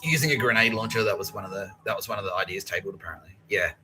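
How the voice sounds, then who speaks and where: A man's voice: lowish voice, racing, sharp tone, a little hiss or hum, low-quality recording. A man hosting a podcast, talking in a profane, laughing, rambling monologue. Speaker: podcast host.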